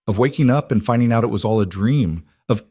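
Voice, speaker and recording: A man voicing a tender, anxious young mother who speaks softly and hesitantly in a narrated romance story. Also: lowish voice, animated, fairly quick, slightly rough, no room sound, clean studio sound. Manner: soft, emotional, hesitant.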